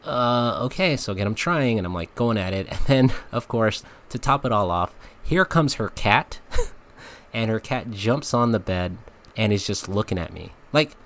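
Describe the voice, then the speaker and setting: Low-voiced man telling a comic story. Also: moderate pace. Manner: animated, laughs often, frank and comic. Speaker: podcast host. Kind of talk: casual storytelling monologue.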